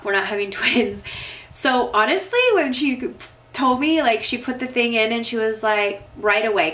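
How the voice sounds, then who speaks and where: A young woman vlogger answers viewer questions in a casual Q&A, tearing up emotionally and rambling with lots of "like." Her medium-pitched voice is a bit bright, and the recording quality is low.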